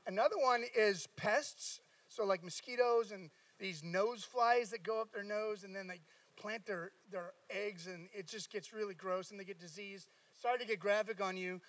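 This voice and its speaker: A man's voice: high voice, normal speed, a bit bright, no echo, recorded from a distance, low-quality recording. A man giving a casual sermon, telling a personal story with many fillers and asides. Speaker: preacher.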